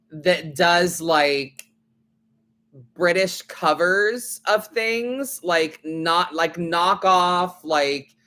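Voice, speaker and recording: Bright, chatty tarot reader. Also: male voice, fairly high pitch. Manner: chatty, loose, heavy "like" fillers, swears, laughs often. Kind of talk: casual live-stream chat.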